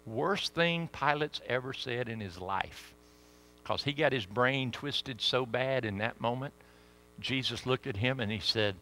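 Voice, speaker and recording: A man preaching a sermon with sudden swings between loud emphasis and hushed asides. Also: medium pitch, takes it slowly, pauses often, slight background noise.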